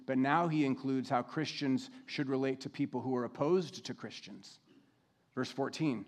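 A pastor gives a sermon in a steady, mid-pitched man's voice. He speaks in a measured way and slows down deliberately to read scripture.

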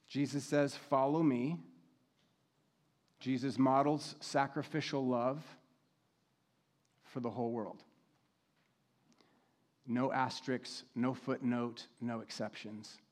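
A pastor gives a sermon in a steady, mid-pitched man's voice. He speaks in a measured way and slows down deliberately to read scripture.

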